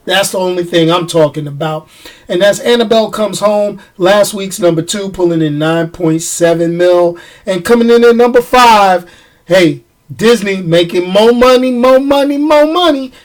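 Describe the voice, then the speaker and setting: Male vlogger, New York accent, casual opinionated commentary, animated, repetitive, rhetorical. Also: sits high, moderate pace. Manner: animated, repeats phrases, rhetorical questions. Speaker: movie review vlogger.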